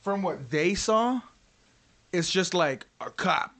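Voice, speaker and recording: A man's voice: high voice, lively intonation, slow pace, fairly bright tone. A man hosting a podcast, telling a story in casual chat, full of swearing and fillers like "like" and "um.". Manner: profane, rambling with frequent fillers. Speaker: podcast host.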